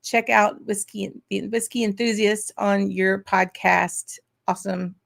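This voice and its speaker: A woman's voice: mid-range voice, steady tone, takes it slowly, vocal fry. A woman hosting a whisky livestream, chatty and bubbly, greeting viewers by name with lots of "y'all". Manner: chatty and bubbly, frequent "um" and "y'all", bursts of laughter. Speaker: host of a whisky livestream show. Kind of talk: casual livestream welcome and chat shout-outs.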